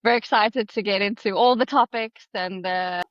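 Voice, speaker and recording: A woman's voice: medium pitch, moderate pace, no room sound, muffled recording. South African woman explaining, friendly. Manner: friendly, explanatory, laughs easily. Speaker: guest, dietitian. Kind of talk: podcast interview.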